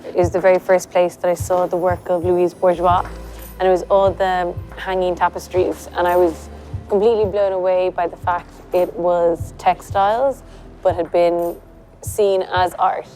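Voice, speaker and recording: A woman with an Irish accent speaks in a loose, conversational way, leaning on "like" and "kind of" as she thinks aloud. Her voice sits a little on the low side. Soft music plays faintly underneath. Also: flat delivery, moderate pace. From Ireland. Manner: chatty, fills with "like" and "kind of". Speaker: fashion designer. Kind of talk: casual reflective interview.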